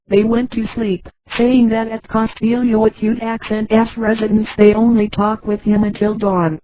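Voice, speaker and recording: A woman's voice: fairly high pitch, dark tone, no echo, rough recording. A computer-voiced woman narrating a story, reading punctuation marks aloud. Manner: reads punctuation and symbols aloud. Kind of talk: synthetic audiobook narration.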